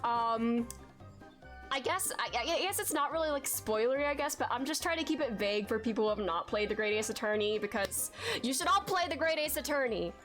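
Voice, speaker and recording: Brief: excitable woman streaming a game, chatty, fairly high voice. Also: fairly quick, faint music behind. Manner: chatty, excitable, uses lots of "like". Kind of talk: casual let's-play commentary.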